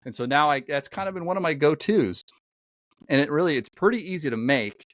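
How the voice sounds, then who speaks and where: Brisk and expressive, this podcast host speaks in a slightly high voice while rambling through a long story in casual chat, with lots of fillers and restarts. The recording has no echo.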